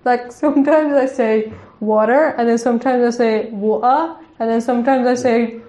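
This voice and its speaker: A chatty woman co-hosts a casual podcast, giggling often and padding her sentences with fillers. Her voice sits a touch high, and the recording rings with a roomy echo. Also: steady tone, brisk, mellow. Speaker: podcast co-host.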